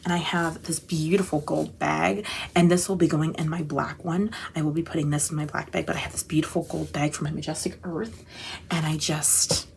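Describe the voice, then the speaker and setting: A woman's voice: low-pitched, steady tone, normal speed, creaky, slight background noise. A woman hosting a casual tarot chat, gushing and rambling, often breaking off mid-thought. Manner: gushing, chatty, rambling with self-interruptions. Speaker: tarot channel host.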